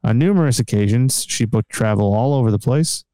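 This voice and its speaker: A podcast host reads news stories during a crude, jokey chat, laughing often. His medium-pitched voice is mellow and fairly quick, with no room sound.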